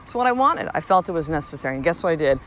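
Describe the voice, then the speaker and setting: A woman's voice: low voice, big pitch swings, very fast, fairly bright tone, slight background noise. A woman in her thirties hosting a solo podcast in a casual monologue, blunt and profane, telling stories with lots of animation. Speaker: podcast host.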